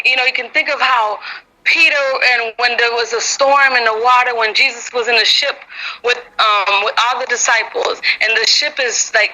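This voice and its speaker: A woman's voice: high voice, pushed and bright, poor audio. A woman teaching a women's Bible group, earnest and rambling, with lots of "you know" fillers. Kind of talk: informal devotional teaching.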